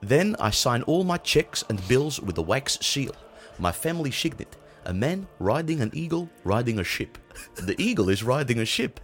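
A man voicing a brutish, self-important Dutch father with a Dutch accent, reading a spoof blog in a deadpan, pompous way. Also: mid-range voice, moderate pace, soft background music. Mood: deadpan boastful.

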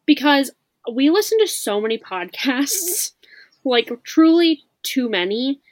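A woman's voice: sits high, big pitch swings, slow. A woman in her twenties co-hosting a podcast, chatting playfully and casually with plenty of fillers. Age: 20s. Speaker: podcast co-host. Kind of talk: casual chat.

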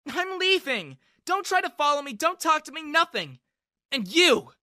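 A storyteller voicing a sweet, lighthearted young woman who is quick to feel hurt. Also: fairly high pitch, lively intonation, no room sound, clean studio sound, pitched above the performer's own voice. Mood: angry yelling. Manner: sweet, then yelling in anger.

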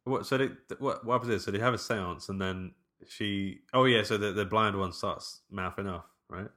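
A man's voice: fairly low pitch, normal speed, sharp tone. A man in casual film podcast chat, telling the story loosely and laughing a lot. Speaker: podcast co-host.

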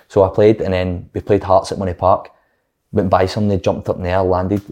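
Fast-talking Scottish footballer, swearing. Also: male voice, sits low. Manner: swears freely, animated anecdotes. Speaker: former footballer guest. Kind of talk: casual storytelling chat.

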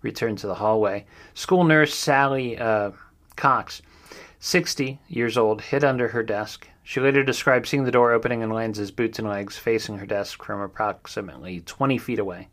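Speaking at a moderate pace in a low, slightly bright voice, a middle-aged podcast host recaps a true crime story. His tone stays somber and steady, broken up by fillers and personal asides.

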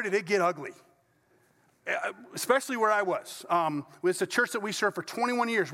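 A man's voice: high voice, a bit bright. A middle-aged male pastor preaching a sermon to his congregation in conversational storytelling style, with asides. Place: church sanctuary before a congregation. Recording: long reverb of a large church hall.

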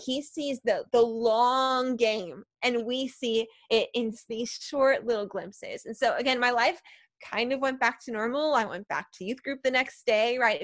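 High-voiced woman telling her story. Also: no room sound, clean studio sound. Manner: lively storyteller who acts out her past thoughts and often adds 'right?'. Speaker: podcast guest, preacher and speaker. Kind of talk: storytelling in a faith podcast interview.

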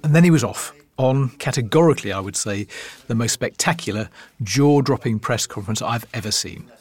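A man hosting a documentary podcast, narrating in a reflective, measured way. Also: medium pitch, lively intonation, darkish tone, breathy edge. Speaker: host.

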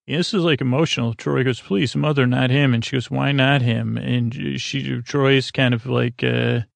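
Guy with a really gravelly voice droning flat through a sleepy show recap, lots of uhs. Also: mid-range voice, normal speed, no echo. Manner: meandering, full of uh fillers. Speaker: podcast host. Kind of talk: rambling sleepy episode recap.

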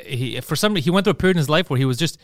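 A man hosting a podcast, telling a long story in an animated, profane way, peppered with bro and dude. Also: on the high side, very fast, no echo, studio quality. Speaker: podcast host.

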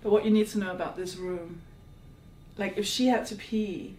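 A woman's voice: mid-range voice, steady tone, normal speed, dark tone. A woman guest on a podcast, asking pointed, teasing questions in casual chat. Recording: roomy sound, far from mic, faint noise.

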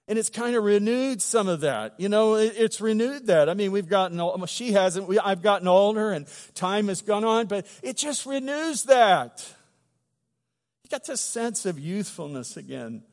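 A middle-aged man preaching a sermon as pastor, conversational and humorous, swelling into loud emphatic bursts. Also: high-pitched, long reverb tail. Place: church sanctuary.

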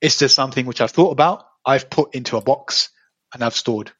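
A man's voice: medium pitch, fairly quick, fairly bright tone, dry recording. A man speaking as a guest in a casual podcast chat, thoughtful and a little hesitant, often repeating words as he starts.

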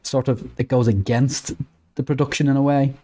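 A man co-hosts a podcast and puts questions to his guest in an easygoing way. His voice is mellow and mid-pitched. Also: steady tone, moderate pace. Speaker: podcast co-host. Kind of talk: casual interview chat.

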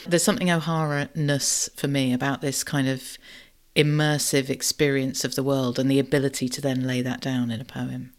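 Female podcast co-host, reflective and warm, conversational. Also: a bass voice, flat delivery, normal speed. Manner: thoughtful, warm, ends points with tag questions.

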